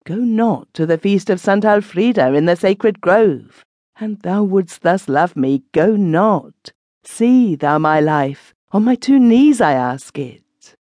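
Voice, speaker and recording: A woman's voice: extremely low pitch, expressive, moderate pace, a little mellow, no room sound. Casting: woman doing a haunted young huntsman, urgent imploring, dry close read. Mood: pleading. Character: young huntsman, troubled and pleading.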